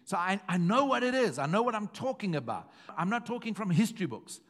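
Emphatic pastor, higher voice. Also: male voice, sing-song, fairly quick. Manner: emphatic, repeating phrases, swings from hushed to loud. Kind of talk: sermon.

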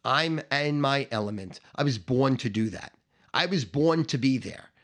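A man's voice: mid-range voice, lively intonation, normal speed, fairly bright tone. A middle-aged man telling a profane, boastful story, emphatic and swaggering, building up through repeated phrases.

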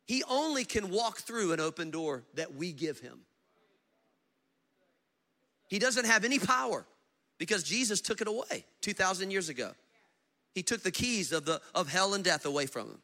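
Male pastor, bright and forceful tone, preacher who tells stories with acted dialogue. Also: animated, fairly quick. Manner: preaching with big swings between loud emphasis and low storytelling. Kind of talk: sermon.

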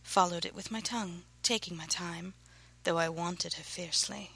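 A woman narrates her own erotic fiction softly and breathily, and she often slips into a near whisper. Her voice sits somewhat low, with a gravelly texture. There is a bright, sharp edge on top. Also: moderate pace, poor audio. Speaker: author reading her own novel. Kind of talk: reading erotic fiction aloud.

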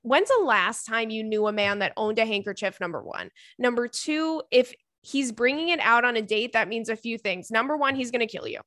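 A young woman hosting a casual podcast, telling dating stories and reading a listener's letter in an animated, giggly way. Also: fairly high pitch, brisk, hardly any pauses, dry recording. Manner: animated, giggly storytelling with frequent fillers. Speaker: podcast host.

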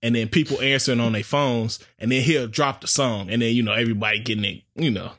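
A man co-hosting a podcast, telling stories in relaxed slang-heavy casual chat. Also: mid-range voice, quick pace, no room sound, clean studio sound. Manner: laid-back slang-heavy storytelling. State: recovering from being sick. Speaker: podcast co-host.

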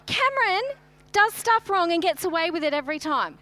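Brief: high-pitched middle-aged woman pastor, chatty and animated sermon storyteller. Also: fairly quick. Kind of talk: sermon with personal stories.

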